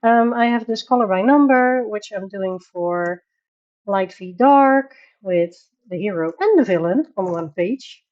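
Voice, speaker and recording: Slow-talking Dutch woman on a lo-fi livestream. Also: medium pitch, darkish tone. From Netherlands. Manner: chatty, laughs often, greets viewers by name. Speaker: coloring livestream host. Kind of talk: casual livestream chat. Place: home bedroom.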